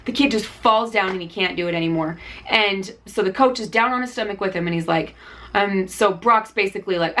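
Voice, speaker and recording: A woman host of a DIY vlog retells a story casually. She talks in an animated, chatty way and leans on fillers. Her voice sits at an ordinary middle pitch. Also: brisk, slight background noise.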